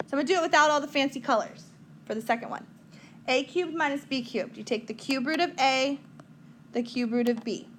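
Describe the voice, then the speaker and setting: A woman's voice: sits high, a bit bright, a little hiss or hum. A woman teaching a math lesson at a whiteboard in a chatty, joking way, talking to her students.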